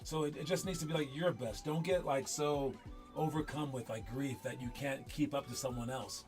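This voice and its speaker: A man's voice: mid-range voice, normal speed, darkish tone, soft background music. A young man coaching youth basketball, giving a rambling, emphatic motivational talk with many fillers and restarts.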